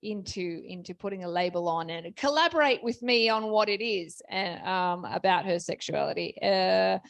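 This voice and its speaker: A woman's voice: medium pitch, moderate pace, creaky, no echo. A woman author speaking on a festival panel, telling stories in a chatty way with many restarts.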